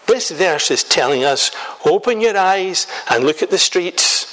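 A man from Scotland delivers a sermon with a somewhat higher voice. He preaches in a measured, emphatic way, stacking rhetorical lists and questions. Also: lively intonation, a bit bright, rough recording.

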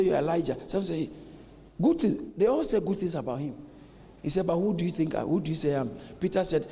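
A man's voice: on the high side, dark tone. A man preaching a sermon as a pastor, acting out dialogue with animation. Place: church hall. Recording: long reverb in a large hall.

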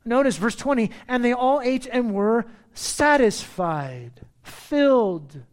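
A man's voice: very high voice, animated, takes it slowly. A man preaching a sermon as pastor, reading scripture verses and explaining them with emphatic, repeated phrases.

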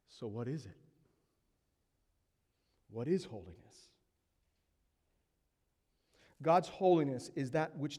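Man preaching, emphatic, slow deliberate pace, fairly high voice, long hall reverb. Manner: emphatic preaching, swinging from hushed to loud. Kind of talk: sermon.

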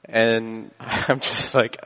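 A man's voice: fairly low pitch, level tone, extremely slow, fairly bright tone, clean tone, lo-fi sound. A man preaching a sermon, telling a personal story in a casual, conversational way and often restarting his phrases. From Canada. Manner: casual storytelling with frequent restarts and self-corrections. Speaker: pastor. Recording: long hall reverb.

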